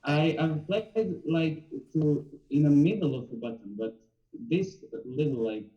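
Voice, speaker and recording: A man speaks slowly and hesitantly as an accordion student, searching for his words. His voice is mellow and dark. The sound is dull, lo-fi video call audio. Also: a little high, lively intonation. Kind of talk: lesson conversation.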